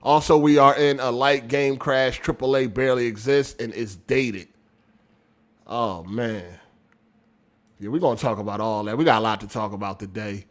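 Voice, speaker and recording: A man hosting a casual gaming podcast livestream, reading viewer messages aloud, talking loud and animated, laughing often, in street slang. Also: medium pitch, moderate pace. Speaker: podcast host reading super chats.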